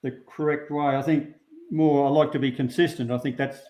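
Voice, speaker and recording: A man's voice: mid-range voice, fairly even intonation, a little mellow. An Australian man, a sheepdog handler, talking unhurriedly as an interview guest with plenty of ums. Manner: unhurried, plain-spoken, many ums. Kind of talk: relaxed interview talk. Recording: roomy, dull lo-fi sound.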